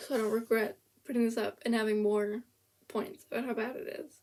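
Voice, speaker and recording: A young woman with a slightly high voice gives a blunt, sarcastic rant in loose casual commentary. She swears freely and trips over her own sentences as she restarts them. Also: level tone, fairly quick, a little mellow. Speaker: vlogger reviewing a language app.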